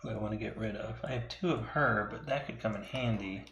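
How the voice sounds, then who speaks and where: A man's voice: fairly low pitch, fairly quick, gravelly, dull audio. A man chatting casually while playing a board game, playful and humming little beep-boop noises. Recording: echoey room with faint noise.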